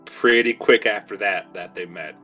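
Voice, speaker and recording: Bright-voiced man, jokey and loose. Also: on the low side, moderate pace, faint music behind, low-quality recording. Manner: loose, swears casually, jokey. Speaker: tabletop game player, panelist. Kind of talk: casual streamed Q&A chat.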